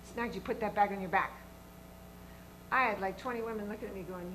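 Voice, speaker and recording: A woman's voice: mid-range voice, a little fast, pauses often, pushed and bright, a little hiss or hum, poor audio. A woman minister giving a sermon to her congregation in an earnest, emphatic way, often asking them questions. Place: church sanctuary with a congregation.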